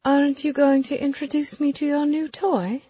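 A woman voicing a cold, spiteful society woman with a delicate voice that stays gentle while she threatens. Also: high voice, little pitch movement, moderate pace, lo-fi sound, voice pushed up, close to an everyday voice. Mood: sneering. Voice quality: delicate, sweetly menacing.

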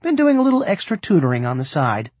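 A man's voice: on the high side, huge pitch swings, fast, a little mellow, dry recording. A man voicing a playful, teasing mother. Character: warm, teasing mother of a boy.

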